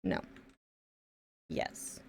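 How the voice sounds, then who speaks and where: A woman's voice: extremely slow, a little mellow. A young woman streaming her pixel art, chatting in a rambly way, swearing casually and humming to herself as she draws. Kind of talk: casual chat while drawing pixel art.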